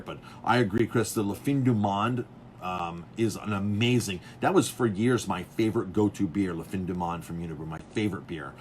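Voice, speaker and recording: Low-voiced chef, rambling storyteller. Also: male voice, slight background noise. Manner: rambling, with many fillers and restarts; animated storyteller who acts out others' lines. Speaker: chef and restaurant owner. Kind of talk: casual chat telling stories about beer.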